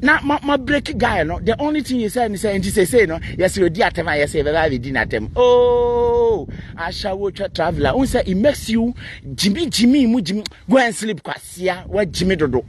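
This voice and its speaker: A man's voice: high-pitched, expressive, a little fast, slight background noise. A Ghanaian man, a Twi speaker, delivering a defiant, mocking rant to camera and mixing Twi with English. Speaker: vlogger answering a critic. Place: outdoors beside a busy road.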